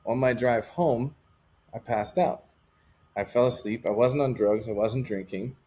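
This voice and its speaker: A man's voice: mid-range voice, a little slow, warm tone, breathy edge. A man talking as an interview guest, telling a personal story in a candid, rambling way with lots of casual fillers.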